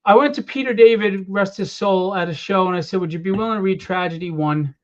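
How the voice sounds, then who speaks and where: A man casually telling animated stories about his comic book writing, acting out what others said. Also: high voice, brisk. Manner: animated storyteller acting out quotes. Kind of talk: casual storytelling. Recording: dull lo-fi sound.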